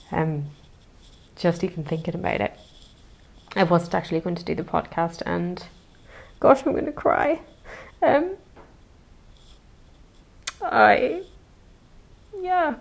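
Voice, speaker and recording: A woman hosting a self-help podcast, talking in a gentle, searching way with many pauses and soft hedges. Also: lowish voice, vocal fry. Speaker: podcast host. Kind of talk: reflective self-help monologue.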